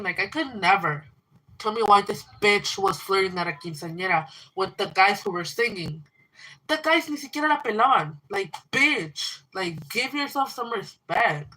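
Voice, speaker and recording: A woman's voice: on the high side, lively intonation, sharp tone, low-quality recording. A teenage girl ranting angrily on a livestream, swearing a lot and retelling a fight with a friend. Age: teens. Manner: angry, profane, fast ranting storytelling. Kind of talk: livestream rant.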